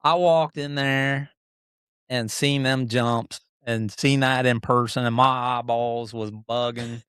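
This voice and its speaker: A middle-aged man, a motocross racer and podcast guest, telling stories in a casual, animated way that acts out other people and often restarts sentences. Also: mid-range voice, slow pace, clear, resonant tone, no echo, studio quality. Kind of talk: casual storytelling.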